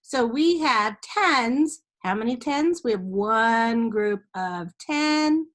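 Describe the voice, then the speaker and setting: A patient woman teacher walks young kids through a math lesson in an online class, recorded on a computer mic. Her voice sits a little high and she talks slowly, breaking into sing-song chants and checking in often. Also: lively intonation, a bit bright.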